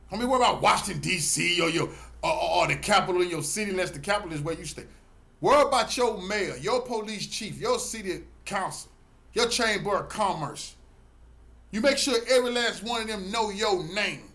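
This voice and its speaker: A middle-aged man speaks straight to his viewers in a preachy, emphatic flow. His voice sits a little high for a man, and he stacks up repeated words when he's fired up. It's a loose, heartfelt monologue to camera. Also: sharp tone. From Texas, Galveston County. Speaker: channel host and community activist.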